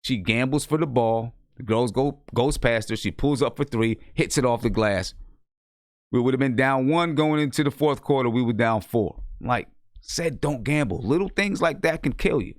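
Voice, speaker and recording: A man hosts a casual sports talk show and tells coaching stories with animated energy, voicing the people he quotes. His pitch is middling for a man, and the sound is dry and close to the mic. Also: moderate pace, no room sound. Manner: animated storytelling, acts out quoted lines. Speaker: show host and girls' basketball coach. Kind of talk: casual chat.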